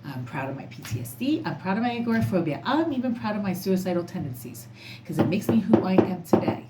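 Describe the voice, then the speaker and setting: A woman's voice: medium pitch, sing-song, quick pace. A woman tarot reader talking casually to camera in an emphatic, rambling, outspoken way. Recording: echoey room, faint background noise.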